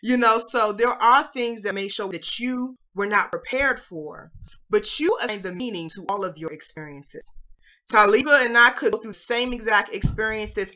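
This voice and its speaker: A woman with a bright, clear voice tells a spiritual analogy in an affirming, storytelling way. She speaks at a mid pitch over a video call. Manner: warm affirming, storytelling with acted quotes. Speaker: co-host, womb wellness leader.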